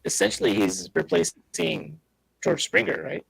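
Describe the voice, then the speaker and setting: A man's voice: fairly high pitch, very animated, measured pace, vocal fry, a bit bright, slightly rough, no room sound, low-quality recording. A man co-hosting a casual podcast over a call, laid-back with dry short replies, his voice sounding robotic from a bad connection. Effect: robotic-sounding connection glitch. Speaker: podcast co-host. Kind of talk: casual chat.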